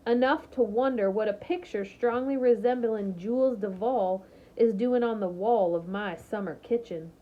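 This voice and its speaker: A woman's voice: mid-range voice, normal speed, close to an everyday voice. A woman voicing a gaunt, spiteful older Southern landlady who drawls and sneers, in a muffled lo-fi recording. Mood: sneering.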